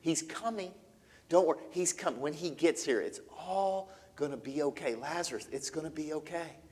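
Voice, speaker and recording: A man voicing a grieving sister who softly soothes her dying brother in a hushed voice. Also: on the high side, level tone, brisk, lightly acted. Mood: soothing.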